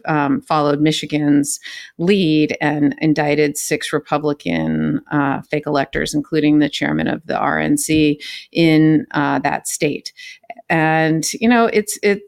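A woman's voice: low voice, vocal fry, no echo, clean studio sound. A woman from California co-hosting a legal podcast as a former prosecutor, explaining cases conversationally with frequent fillers and "right?" tags. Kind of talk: casual legal podcast chat.

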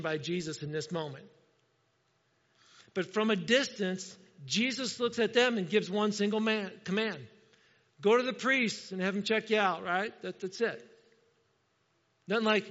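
A man's voice: sits high, measured pace, fairly bright tone. A man from Indiana preaching a sermon in a conversational way, often asking his listeners to respond. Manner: conversational, calls for audience responses. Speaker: pastor. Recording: dull lo-fi sound with long hall reverb.

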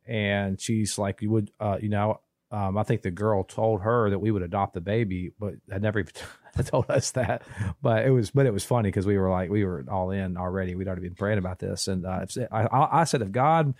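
A man, telling a long story in casual podcast chat, rambling and restarting, animated when he quotes people. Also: on the low side, brisk, no echo, studio quality. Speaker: podcast co-host.

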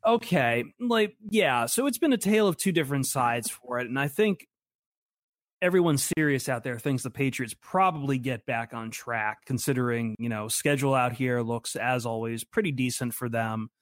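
A man's voice: mid-range voice, normal speed, no echo, clean studio sound. A man co-hosting a casual sports podcast, joking and sarcastic. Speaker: podcast co-host.

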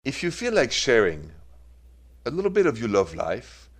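A man's voice: mid-range voice, huge pitch swings, normal speed. A man with a French accent, French as his first language, hosting a call-in radio show about relationships in a playful, chatty way. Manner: playful, chatty, switches between French and English.

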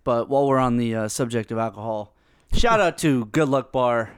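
Male co-host, smooth tone, halting casual delivery. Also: mid-range voice, dry recording, clean studio sound. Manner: hesitant, many fillers, swearing. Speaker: podcast co-host. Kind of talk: casual chat.

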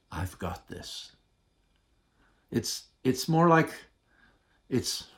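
A man preaching a sermon as pastor, speaking deliberately with dramatic pauses and often dropping to a soft, hushed voice for tender points. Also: mid-range voice.

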